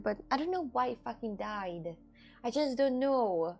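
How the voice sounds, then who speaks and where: A woman's voice: a little high, animated, unhurried, gravelly, a little mellow, faint music behind. A young woman, chatting casually on a live stream and answering viewers' questions.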